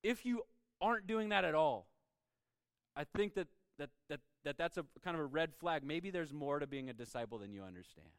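A man preaching a sermon in a conversational way, dropping to soft, hushed lines and rising when he reads scripture aloud. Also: fairly high pitch, expressive, normal speed, clear, resonant tone, no echo. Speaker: pastor.

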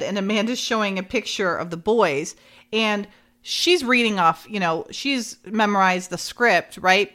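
A woman's voice: mid-range voice, sharp tone. A woman chatting casually as she recaps a TV episode, giggly and full of fillers. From United States. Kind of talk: casual show recap chat.

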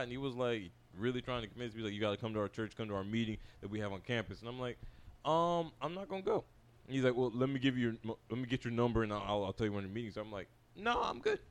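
A young man casually telling a story to friends on a podcast, acting out the people he quotes. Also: mid-range voice. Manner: fast, animated anecdote telling with quoted dialogue. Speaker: podcast co-host.

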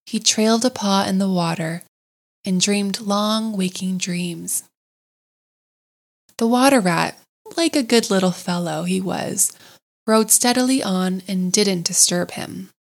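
A woman narrating a classic children's storybook in a gentle, unhurried, expressive way. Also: mid-range voice, creaky.

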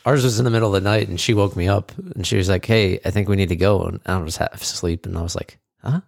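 A man chatting casually on a podcast, hesitant and unhurried. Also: deep voice, fairly even intonation, gravelly, no room sound, studio quality. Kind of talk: casual chat.

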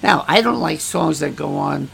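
Blunt gravelly-voiced male pastor. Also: a little high, animated, moderate pace, fairly bright tone. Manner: blunt and frank, acts out quoted voices. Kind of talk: casual talk about church life. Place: church in the Philippines.

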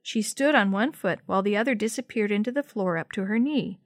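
A woman's voice: mid-range voice, brisk, dry recording, studio quality. Woman reading a children's story aloud. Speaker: narrator. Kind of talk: storybook read-aloud narration.

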